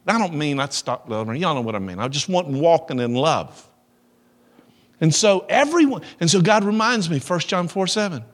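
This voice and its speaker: Lively preacher in a reverberant hall. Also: male voice, fairly high pitch, moderate pace. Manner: animated storytelling, shifting between loud emphasis and soft asides. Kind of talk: sermon. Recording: long reverb of a large hall.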